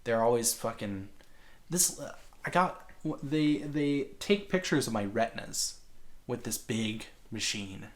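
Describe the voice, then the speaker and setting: Animated and a little slow, this man's medium-pitched voice carries casual podcast chat as a co-host. He's a rambling storyteller who keeps saying "like" and restarting his thoughts.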